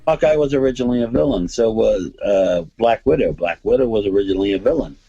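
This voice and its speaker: A man's voice: lowish voice, animated, fast, gravelly, dark tone, dull audio. A man hosting a podcast, chatting casually and rambling enthusiastically about comics and movies. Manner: rambling, enthusiastic, many restarts. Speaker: podcast host.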